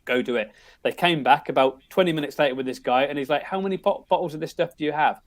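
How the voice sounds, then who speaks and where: A man's voice: on the high side, fast talker. A middle-aged man with an English accent, a podcast guest telling family stories in a loose, rambling way full of restarts. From England. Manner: rambling, many restarts and "you know"s. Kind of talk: casual storytelling.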